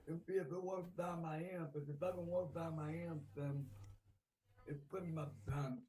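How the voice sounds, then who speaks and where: A man joining a live stream from a distance, giving brief and quiet replies. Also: fairly high pitch, steady tone, moderate pace, slight background noise. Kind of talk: casual live stream chat.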